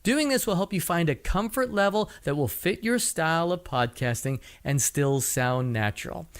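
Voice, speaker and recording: A man's voice: on the high side, expressive, normal speed, clean tone. A middle-aged man hosting a podcast, giving blunt, wry advice in a solo talk. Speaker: podcast host and coach.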